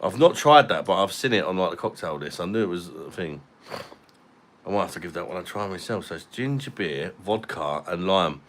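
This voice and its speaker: Laid-back low-voiced man. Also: lively intonation, a little fast. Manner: laid-back, chatty, reads out viewer comments. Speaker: streamer. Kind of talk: casual live-stream chat.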